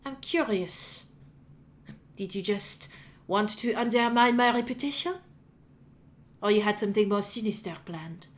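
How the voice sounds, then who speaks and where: A composed female archbishop, voiced by a woman game master, questions a prisoner. She speaks slowly and coolly, with an air of authority. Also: mid-range voice, close to an everyday voice. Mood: cold questioning. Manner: slow, measured, cool.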